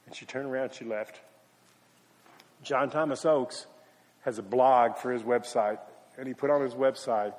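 A man's voice: medium pitch, a little slow, pauses often, darkish tone. A male pastor preaching a sermon, telling a story and acting out the quotes. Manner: storytelling with acted quotes and brief singing. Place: church sanctuary. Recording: long hall reverb from a church.

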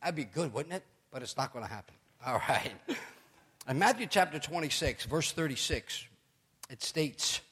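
A middle-aged man preaching a sermon as pastor, chatty and animated, telling stories with joking asides. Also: a little high, normal speed, breathy edge.

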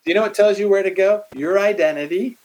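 A middle-aged man in a casual faith conversation, animated, acting out quotes as he tells stories. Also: high voice, fast talker, low-quality recording.

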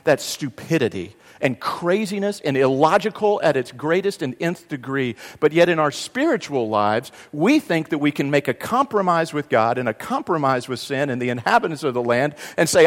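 A man's voice: mid-range voice, very animated, moderate pace. Man preaching in a reverberant hall. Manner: dynamic preaching, swinging from loud to hushed; conversational with self-deprecating humor. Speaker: pastor. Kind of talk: sermon. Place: church sanctuary.

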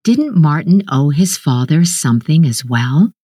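Woman reading a short story, low voice, slow and measured, dry close mic. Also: sing-song, dark tone, slightly rough, dry recording. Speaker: narrator.

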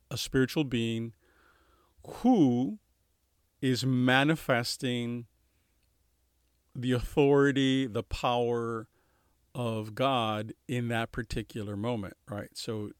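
A calm man, a priest, explains theology plainly in a podcast conversation. His voice is of ordinary pitch. The recording is dry, with no room sound. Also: no echo.

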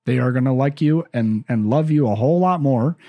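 A man's voice: medium pitch, brisk, no room sound, highs cut off. A man hosting a parenting podcast, giving earnest advice in a casual, conversational way and often restarting his phrases. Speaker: parenting podcast host and counselor.

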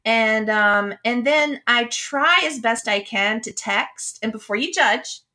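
A woman's voice: on the high side, takes it slowly, pushed and bright. A woman co-hosting a podcast in casual chat, from Canada, who giggles often and talks in a bubbly way. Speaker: podcast co-host.

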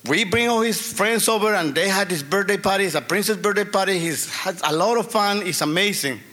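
A middle-aged man tells his own story to an audience, earnest and emphatic, leaning on repeated phrases. His voice sits high and sounds bright and forceful. He speaks as a storyteller rather than a reader. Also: a little fast. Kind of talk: personal storytelling before an audience.

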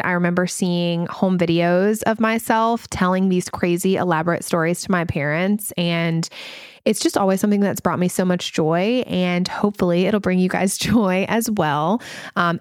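A woman's voice: lowish voice, clear, resonant tone, dry recording, studio quality. Chatty Southern woman in her thirties. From American South. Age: 30s. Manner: chatty, laughing, frequent ums and likes. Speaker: podcast host. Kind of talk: casual chat. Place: home, recording at night. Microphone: podcast microphone.

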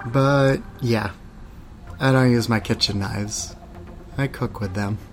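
A man tells an audio drama in the first person at a slow, measured pace. His voice sits at an ordinary pitch, and a faint hiss runs beneath the recording. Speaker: voice actor. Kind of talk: audio drama narration and dialogue.

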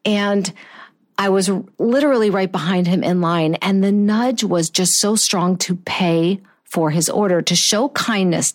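A middle-aged woman shares a personal anecdote in an earnest, heartfelt manner. Her voice sits a little low for a woman, and she often restarts her sentences as she talks. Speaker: storyteller. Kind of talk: personal anecdote, reflective storytelling.

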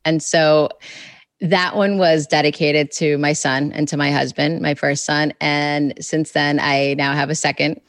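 Woman, children's author guest, low voice, rambling casual speech, close dry sound. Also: flat delivery, unhurried, no room sound. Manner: rambling, full of "like" and "you know"; reenacts conversations in quotes. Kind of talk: casual interview chat.

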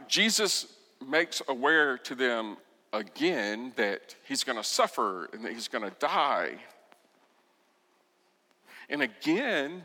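Slow, bright-voiced male pastor preaching. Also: mid-range voice, in a large hall. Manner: expressive storytelling, acts out quoted lines, drops to soft intensity. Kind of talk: sermon.

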